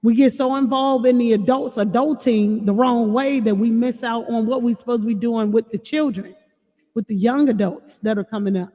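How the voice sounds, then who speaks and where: A woman chatting on a livestream, warning parents and reading out chat comments in an animated way. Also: on the high side, normal speed. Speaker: livestream host. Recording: long reverb with faint music.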